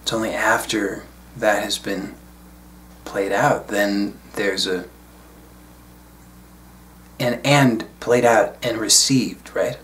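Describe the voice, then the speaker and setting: Low-voiced man giving a reflective talk. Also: fairly even intonation, a bit bright. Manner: reflective, unhurried, casual asides. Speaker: spiritual teacher. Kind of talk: solo video talk.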